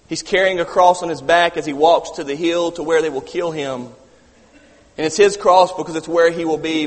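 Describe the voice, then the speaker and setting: A man delivers an impassioned sermon in a fairly high voice. He moves between scripture reading and urgent commentary, sometimes loud and sometimes hushed. His voice carries a long reverb, as if he is in a church sanctuary. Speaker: preacher.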